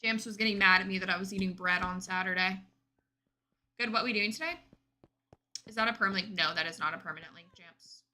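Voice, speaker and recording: A woman's voice: mid-range voice, a little fast, pauses often, sharp tone. A woman streaming a game, chatting casually and answering her chat as she plays. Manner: chatty, reads and answers chat while playing. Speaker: gaming streamer.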